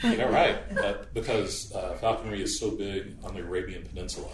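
A man with a very deep voice chats as an interviewer, adding wry asides. He sounds distant from the mic in an echoey room, with steady noise behind him. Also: fairly quick. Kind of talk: conversational interview.

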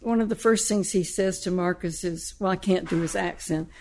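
A woman novelist in a conversational interview, retelling her story's plot in a lively, storytelling way. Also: lowish voice, normal speed, slight background noise. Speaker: novelist discussing her book. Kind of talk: conversational book discussion.

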